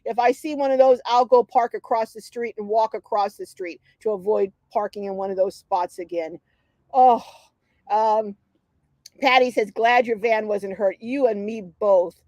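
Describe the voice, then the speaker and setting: A middle-aged woman hosting a livestream, telling a story in a lively, chatty way, acting out quotes and reading viewer comments. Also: on the high side, moderate pace, no room sound. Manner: animated storyteller, acts out quotes, laughs often. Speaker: host of a livestream.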